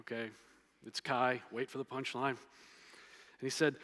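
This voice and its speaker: A man's voice: medium pitch, level tone, unhurried, a bit bright. A man, a pastor preaching a conversational sermon with playful humor and emphatic repetition. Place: church sanctuary. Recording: long reverb of a large hall.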